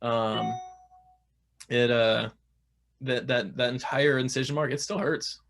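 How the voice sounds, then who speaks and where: A man's voice: mid-range voice, fairly even intonation, takes it slowly, creaky, fairly bright tone, slight background noise. A young man talking casually as an interview guest, chatty, with many fillers and restarts.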